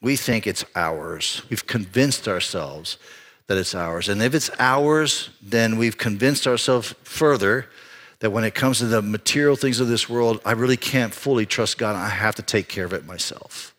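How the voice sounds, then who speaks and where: A man preaching a sermon as pastor, telling a personal story in an animated way with frequent restarts. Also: on the low side, normal speed.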